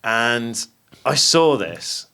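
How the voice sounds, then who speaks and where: An English man co-hosts a casual podcast, trading jokes and laughing easily. His voice sits at an ordinary middle pitch, and he talks in a loose, chatty way. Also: big pitch swings, extremely slow, pushed and bright, clean tone. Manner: chatty, jokey, laughs often. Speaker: podcast co-host. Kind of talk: casual chat.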